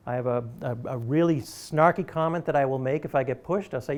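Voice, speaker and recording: A man's voice: mid-range voice, fairly quick. A man giving a public lecture to an audience, talking in an emphatic, conversational and persuasive way. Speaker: university lecturer.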